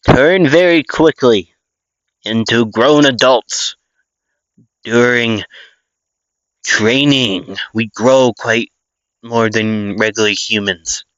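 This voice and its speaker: A man's voice: on the low side, fairly bright tone, no echo. A man voicing an eager, loyal little demi-human girl in a fan-made audio story, in a chirpy, eager way. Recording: dull lo-fi dry recording.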